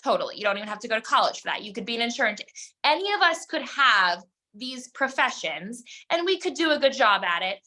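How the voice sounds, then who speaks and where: Bright, emphatic woman coaching a team. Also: a little high, sing-song, fast. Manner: direct, emphatic, talks straight to her listeners. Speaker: network marketing team coach. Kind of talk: motivational team call talk.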